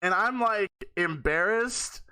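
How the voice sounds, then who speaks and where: A man's voice: high-pitched, takes it slowly, sharp tone, clear, resonant tone. A man hosting a podcast, telling a rambling, profane story in casual talk and often laughing mid-sentence. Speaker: podcast host.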